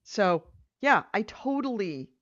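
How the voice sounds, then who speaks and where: A woman's voice: mid-range voice, slow pace, dry recording, lo-fi sound. A woman co-hosting a casual gaming podcast, tired after illness and joking while she eats. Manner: lively, joking, chatting while eating. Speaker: podcast co-host. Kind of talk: casual chat.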